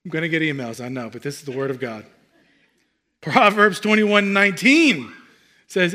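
A male pastor preaching with a high, bright, forceful voice. His sermon is humorous and lively, jumping from loud, excited bursts down to quiet, hushed asides. He talks directly to the congregation the whole time. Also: normal speed, long pauses.

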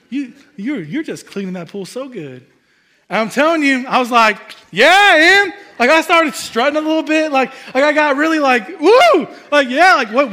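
A man preaching a sermon, humorous and animated, swinging between loud excitement and hushed asides. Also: high-pitched. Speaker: pastor.

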